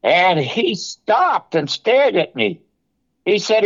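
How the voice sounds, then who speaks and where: An older man, a television producer, telling animated stories in an interview and acting out the dialogue. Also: sits high, slow pace, gravelly. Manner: animated anecdote-telling, acts out quoted dialogue. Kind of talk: storytelling interview. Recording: muffled, lo-fi audio.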